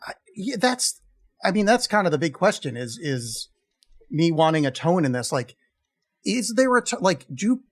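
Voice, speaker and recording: A man co-hosting a podcast, reviewing a film in a casual, animated way, often swearing in exasperation. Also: high voice, moderate pace. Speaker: podcast co-host.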